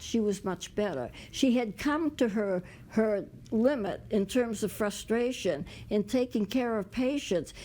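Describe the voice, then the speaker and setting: A woman delivers a sermon in a mellow, soft-toned voice. She speaks plainly and gently, often pausing, adding fillers and restarting her phrases as she goes. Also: on the high side. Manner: halting, with many restarts and fillers. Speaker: preacher.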